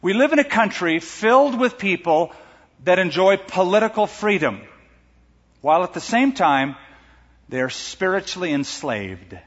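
American preacher with a fairly high voice, echoing hall. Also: male voice, very animated, measured pace, fairly bright tone. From United States. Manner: earnest storytelling preacher. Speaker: pastor. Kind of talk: sermon. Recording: dull audio with long hall reverb.

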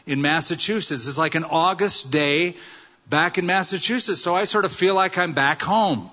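A preacher doing a crusty old man who stays contented whatever happens, with a bright, fairly high voice. The recording is dull and has a long hall reverb. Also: normal speed. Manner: cheerful, contented. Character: cheerful crusty old New England man.

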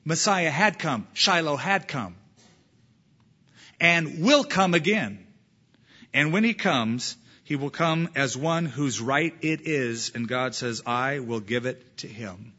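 A man's voice: a little high, lively intonation, slow pace, pushed and bright, highs cut off. A man pastor preaching a sermon, reading scripture aloud with emphatic delivery.

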